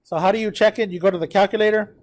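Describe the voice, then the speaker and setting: A man's voice: sits high, fairly even intonation, racing. A man teaching a math lesson, working through a graph step by step, counting aloud and addressing his students directly.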